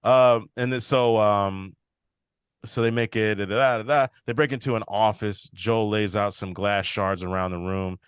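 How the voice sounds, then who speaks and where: A man's voice: on the low side, fairly even intonation, normal speed, clear, resonant tone, no echo, clean studio sound. A man hosting a podcast, casually recapping a TV episode and quoting the characters' lines as he goes. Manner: retells scenes, quoting characters in a slightly shifted voice. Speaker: podcast host.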